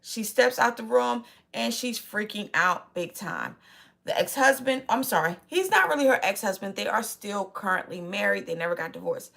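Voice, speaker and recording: Woman retelling a movie plot, kinda raspy fry in her voice, quotes all the characters. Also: mid-range voice, animated, moderate pace, fairly bright tone. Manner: chatty, retells scenes with quoted lines. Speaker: movie reviewer. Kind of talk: casual plot recap with commentary.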